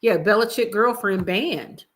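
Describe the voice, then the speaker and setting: A woman hosting an evening livestream, giving chatty, expressive commentary and talking straight to her viewers. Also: medium pitch, unhurried. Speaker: livestream host. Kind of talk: casual commentary chat.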